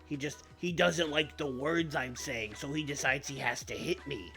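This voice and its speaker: A man voicing a gloating, whiny male wrestling heel who taunts with slow, drawn-out mockery. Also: a little high, sharp tone, faint music behind, voice pushed up. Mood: indignant. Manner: taunting, drawn-out mocking delivery.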